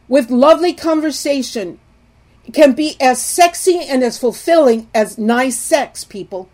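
A woman's voice: high-pitched, unhurried, darkish tone. Earnest middle-aged woman teaching on marriage. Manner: earnest, pleading, addresses viewers as "people". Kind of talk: earnest teaching talk to viewers.

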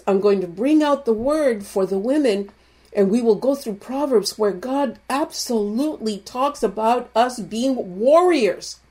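A woman preaching with a fairly high voice. Her delivery is emphatic and animated, and she often stops to ask "Amen?" as she drives her points home. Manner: emphatic, punctuates points with 'Amen?'; animated, acts out quoted voices. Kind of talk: sermon.

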